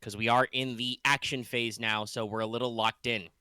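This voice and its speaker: A man serving as game master, setting the scene for a tabletop game with relaxed jokes. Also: medium pitch, normal speed, clear, resonant tone, no room sound.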